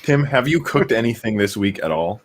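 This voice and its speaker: A man's voice: on the low side, lively intonation, brisk, a little hiss or hum. A man co-hosting a casual podcast, steering the talk with curious questions. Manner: curious, asks lots of questions. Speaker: podcast co-host. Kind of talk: casual chat.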